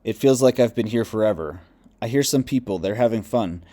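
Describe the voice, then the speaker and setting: A male audiobook reader voices a lost, bitter ghost who is depressed, confused and lonely. The ghost speaks low and quiet in a mellow, darkish voice, a little fast and close to everyday speech, with a subdued, plain delivery.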